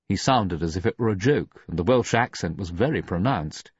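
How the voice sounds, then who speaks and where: A man narrating an audiobook in a dramatic, expressive reading. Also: deep voice, normal speed, hardly any pauses, husky, no echo, muffled recording. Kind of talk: scripted narration.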